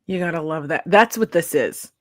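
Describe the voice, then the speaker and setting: A woman hosting a veterans' podcast, warm in her affirmations and sharing her own past. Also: on the low side, lively intonation, normal speed, no echo, clean studio sound. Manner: encouraging, affirming. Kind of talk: interview podcast.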